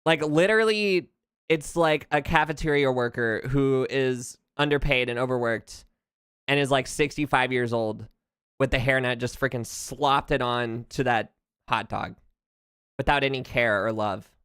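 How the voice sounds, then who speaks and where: A VTuber streamer from the United States chats casually over gameplay on a close streaming mic, with a medium-pitched, clean voice at a measured pace. The dry, studio-quality recording catches animated, jokey rants and frequent laughter.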